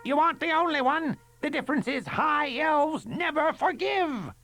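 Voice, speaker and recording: A shrill, frantic little creature. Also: male voice, lively intonation, moderate pace, vocal fry, soft background music, exaggerated voice. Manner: shrieking, high and loud.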